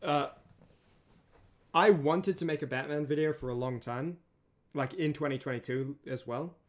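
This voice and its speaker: A man's voice: on the high side, normal speed. A tired man chatting casually on a stream as its host, rambling with many restarts. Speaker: streamer and voice animator.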